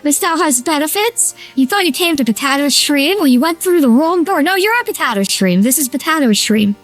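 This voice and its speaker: A man streaming a game through a feminine voice changer, chatting excitably with his chat, squealing and giggling. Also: very high voice, fairly quick, soft background music, pitched above the performer's own voice. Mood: playful. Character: high feminine streamer voice, playful. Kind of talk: casual live-stream chat while gaming.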